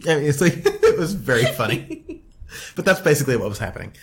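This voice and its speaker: A man's voice: a little high, wildly swooping pitch, fast, slight background noise. A man co-hosting a podcast, telling a story in casual chat and laughing often. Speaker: podcast co-host.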